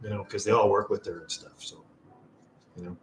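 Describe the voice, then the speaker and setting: A man's voice: fairly low pitch, fairly even intonation, fairly quick. A man hosting a live stream, rambling through a story and swearing freely in casual chat. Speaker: livestream host. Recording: roomy echo, faint music behind.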